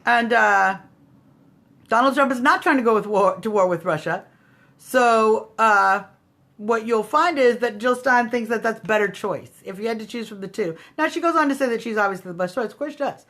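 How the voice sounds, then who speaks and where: A woman's voice: on the high side, moderate pace, a bit bright. A woman hosting a casual political livestream, talking straight to her viewers in a snarky, combative way. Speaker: livestream host.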